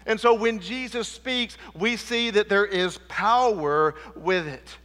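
A man preaching an emphatic sermon in a church sanctuary, calling for "amen" and dropping low and quiet to drive points home. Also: slow. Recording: long church hall reverb.

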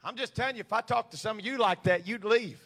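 High, bright-voiced preaching pastor. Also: male voice, fast, gravelly. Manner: swings from quiet confiding to shouted preaching. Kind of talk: sermon.

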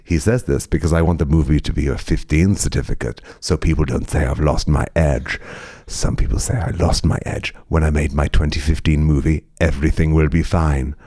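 A man reading absurd comic stories aloud, excitable and swearing, laughing at his own jokes. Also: very deep voice, a little fast. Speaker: comedian storyteller. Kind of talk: comic story reading on a podcast.

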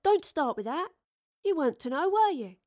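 A woman voicing a plucky, blunt young female companion with a brisk, down-to-earth manner in an audiobook. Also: high voice, sing-song, darkish tone, pitched above the performer's own voice. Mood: plucky, quizzical.

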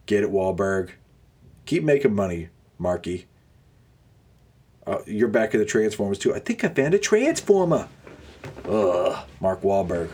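A man's voice: lowish voice, warm tone. A young man hosting a podcast, ranting sarcastically with frequent groans of disgust. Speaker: podcast host. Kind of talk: casual ranting monologue.

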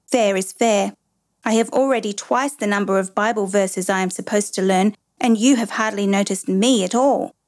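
A woman's voice: medium pitch, normal speed, close to an everyday voice. A woman voicing an eager, cheeky young boy in a storybook reading. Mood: pleading. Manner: eager, innocent.

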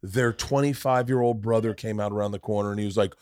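A man's voice: fairly low pitch, fast, no echo, clean studio sound. A man hosting a podcast, telling a rowdy story in casual, profane chat and acting out the voices in it. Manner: profane, animated storyteller who acts out voices. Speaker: podcast host.

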